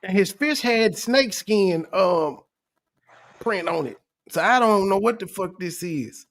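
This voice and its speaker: Man, young adult, high voice, reaction host, profane, mocking, casual commentary. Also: lively intonation, slow pace, a bit bright, rough recording.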